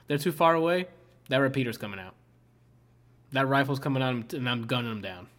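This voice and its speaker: A male streamer in a loose, casual chat, his voice at an ordinary middle pitch. He rambles, restarts and leans on filler words, with plenty of swearing mixed in. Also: animated, brisk, fairly bright tone.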